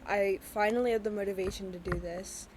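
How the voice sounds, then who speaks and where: A young woman hosting her own podcast, talking candidly in a halting, hesitant way with many pauses and ums. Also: mid-range voice, steady tone, a little mellow, a little hiss or hum. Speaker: podcast host. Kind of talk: candid personal talk. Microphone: voice-only recording with a black screen.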